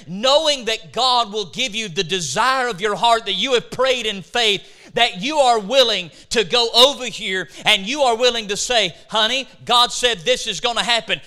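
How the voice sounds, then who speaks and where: A man's voice: high-pitched, bright, forceful tone. A middle-aged man preaching a sermon, retelling scripture scenes with dramatic, emphatic storytelling.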